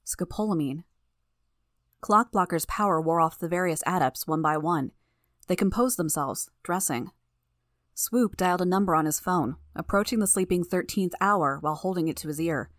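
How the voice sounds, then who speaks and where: A woman's voice: lowish voice, normal speed, no room sound. Woman narrating an audiobook, dry sound. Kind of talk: first-person audiobook narration.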